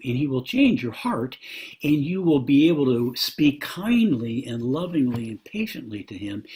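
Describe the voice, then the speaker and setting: A man preaches in a very breathy, airy voice at a middle pitch. He teaches earnestly and repeats himself for emphasis, with his voice jumping up on rhetorical questions. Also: darkish tone. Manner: earnest, repetitive, rises sharply on rhetorical questions. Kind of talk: sermon-style teaching.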